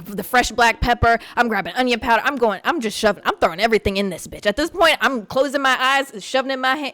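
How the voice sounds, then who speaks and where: A young woman from a Puerto Rican family hosting a podcast, telling a story in a profane, animated rant. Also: a little high, no room sound. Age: young adult. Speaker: podcast host. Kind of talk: casual storytelling monologue.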